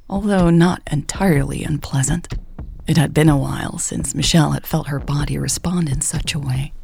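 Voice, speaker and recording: A woman narrating a romance audiobook in a soft, often whispery delivery. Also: low voice, gravelly, slight background noise. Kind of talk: scripted narration.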